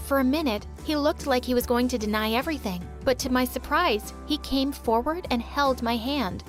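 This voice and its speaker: A woman narrating a first-person story in a brisk, matter-of-fact way. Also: high-pitched, faint music behind.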